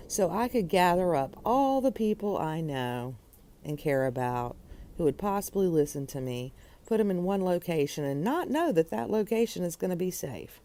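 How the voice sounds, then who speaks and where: A woman's voice: on the low side, big pitch swings, normal speed, dark tone. A woman delivering an exasperated, sarcastic opinion monologue for her podcast.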